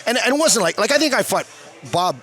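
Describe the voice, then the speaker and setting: Bright-voiced man telling a rambling story. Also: sits high, expressive, fast, soft background music. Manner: rambling, profane, frequent restarts. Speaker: podcast guest telling a story. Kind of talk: casual storytelling.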